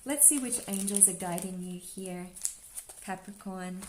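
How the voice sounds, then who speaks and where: A woman giving a relaxed spiritual card reading, talking softly and dreamily with lots of "like" and "you know.". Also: mid-range voice, a little slow, echoey room, a little hiss or hum. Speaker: astrology and oracle card reader.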